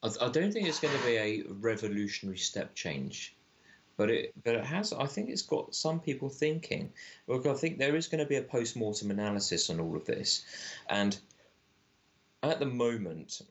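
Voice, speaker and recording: A man's voice: on the low side, lo-fi sound. A man, a film director guest, arguing animatedly in casual conversation and often restarting his sentences.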